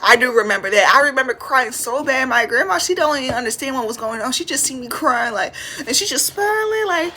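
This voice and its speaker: A young woman hosting her own podcast speaks with a bright, fairly high voice. She tells stories casually and dramatically, jumping up in pitch for effect. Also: fairly quick, hardly any pauses, a little hiss or hum. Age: 20s. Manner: animated, dramatic retelling with big pitch jumps. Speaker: podcast host. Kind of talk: casual storytelling.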